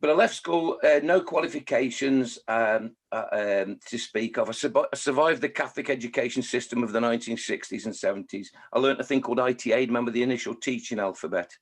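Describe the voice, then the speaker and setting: A man in his sixties, from Scotland and raised in Staffordshire, tells his life story in an interview. His voice is husky and of middling pitch. He talks in a chatty, self-mocking way. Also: brisk, few pauses. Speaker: children's poet and author.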